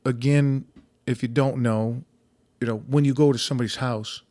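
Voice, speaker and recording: A man's voice: medium pitch, fairly even intonation, normal speed, mellow, dry recording. Talkative podcast host man, dry close sound. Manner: talkative, swears casually, storytelling with restarts. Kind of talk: casual conversational interview.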